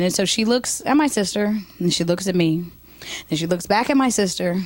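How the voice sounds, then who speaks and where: A woman's voice: mid-range voice, normal speed, no room sound. Woman in her 30s telling funny stories, lots of you know, dry close mic. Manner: chatty, animated, many fillers. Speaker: comedian. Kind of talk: stand-up comedy monologue to camera.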